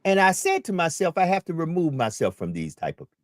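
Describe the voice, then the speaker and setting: A man's voice: fairly high pitch, huge pitch swings, fast, dry recording, clean studio sound. A man hosting a community talk radio show, speaking in an emphatic, preacherly way and repeating his key points.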